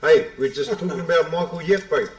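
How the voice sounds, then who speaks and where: A man's voice: fairly high pitch, a little fast. A man giving casual live pool commentary, bantering and calling people bro. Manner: relaxed banter, calls everyone bro. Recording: echoey room.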